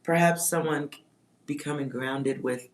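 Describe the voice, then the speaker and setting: Lady doing a slow psychic reading on a livestream, muses along, spells words out, swears now and then. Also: low-pitched, steady tone. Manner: slow, musing, reads words and spells them out, swears offhand. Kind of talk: live-stream reading to chat.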